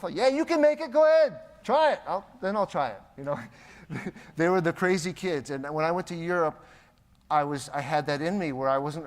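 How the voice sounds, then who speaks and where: A man from the United States giving a motivational keynote, telling anecdotes and acting out the people in them. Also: mid-range voice. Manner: animated anecdotes, acting out quoted voices. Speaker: keynote speaker. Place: large conference hall. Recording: long reverb of a conference hall.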